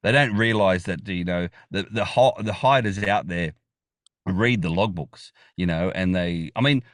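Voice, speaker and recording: A deep-voiced Australian man talks at a normal speed as a guest in a casual podcast interview, enthusiastic and rambling, restarting thoughts and leaning on fillers. The recording is echo-free and studio quality.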